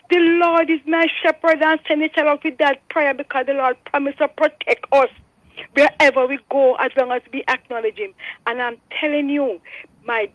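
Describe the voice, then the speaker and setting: Older Jamaican woman, phone-in caller, high voice, dry phone line, earnest and preachy. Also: no echo. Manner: earnest, preachy, repeats herself. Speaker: radio caller. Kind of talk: phone-in testimony. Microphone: telephone.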